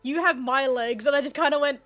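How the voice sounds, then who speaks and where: Woman, tabletop player, blunt, swears a lot, somewhat high voice. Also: fairly quick, a bit bright, faint music behind. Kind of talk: casual role-play chat.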